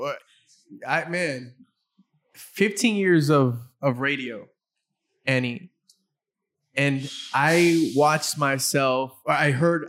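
A middle-aged man hosting a casual interview, talking in a halting way and often repeating his words. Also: on the high side, fairly bright tone. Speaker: interview host.

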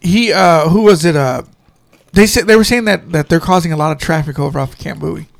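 A man co-hosting a podcast in casual chat, easygoing and quick to chuckle. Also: a little high, gravelly, no echo. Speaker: podcast co-host.

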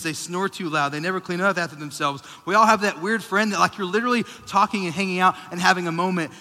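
A man preaches in a loose, self-mocking, conversational way. His voice sits high and sounds bright and forceful. The long reverb of a big church hall trails behind every phrase. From Texas. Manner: self-deprecating, joking, conversational. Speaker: pastor. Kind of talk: casual humorous sermon.

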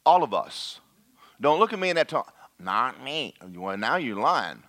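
A man preaching a lively, conversational sermon and talking straight to his congregation. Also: medium pitch, a little slow.

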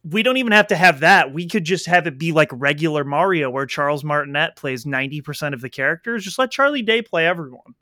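A man in casual podcast chat, animated and quick to argue, swearing freely. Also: fairly high pitch, dry recording, studio quality.

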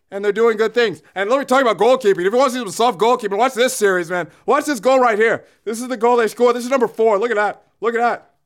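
A man's voice: extremely high pitch, a bit bright. A man playing a blustering, opinionated older male hockey pundit who rants and repeats himself in a comedic commentary bit. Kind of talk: comedic sports commentary impression.

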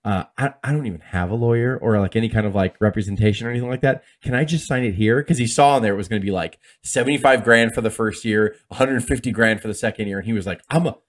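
Fast-talking man retelling a story. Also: fairly low pitch. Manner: fast, animated retelling with acted-out quotes and laughs. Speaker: podcast co-host. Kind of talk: casual storytelling chat.

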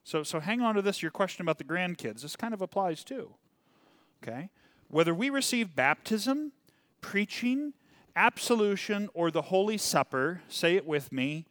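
Man, pastor type, teaching a church Bible study; lively and chatty, keeps asking "okay?", slightly high voice, dry sound. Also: moderate pace, dry recording. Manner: animated, rambling, frequent "okay?" check-ins.

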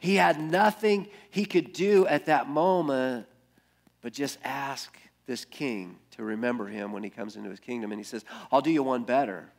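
A male pastor preaching an earnest sermon that builds through repeated phrases and often drops to a hush. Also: medium pitch, normal speed, creaky.

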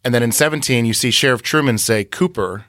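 A man's voice: medium pitch, fast, bright, forceful tone, no room sound, studio quality. A man co-hosting a podcast, recapping and analyzing scenes in a meandering, self-correcting way. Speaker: podcast co-host. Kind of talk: casual podcast discussion.

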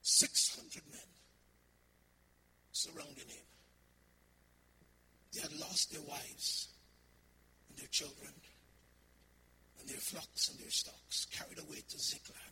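In a church, a missionary preaches a sermon with fiery emphasis, calling out to the congregation and swinging between shouting and hushed delivery. His voice is a little high and flat, slow with frequent pauses, and there's background noise.

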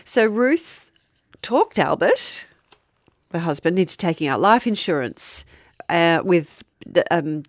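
A woman's voice: lowish voice, very animated, slow, no room sound, studio quality. A woman co-hosting a podcast, chatting casually and telling a true-crime story with frequent laughter. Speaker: podcast co-host.

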